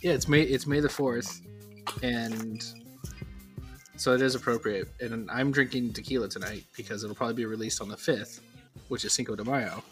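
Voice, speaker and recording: A man's voice: mid-range voice, moderate pace, faint music behind. A man co-hosting a podcast who chats in a rambling, enthusiastic way. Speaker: podcast co-host. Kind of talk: casual chat.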